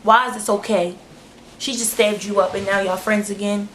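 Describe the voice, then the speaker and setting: Young woman doing a storytime vlog, blunt and animated, swears a lot, middle pitch. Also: normal speed, a little hiss or hum. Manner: frank, blunt retelling with slang and swearing; animated, acting out the other people in the story. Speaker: vlogger.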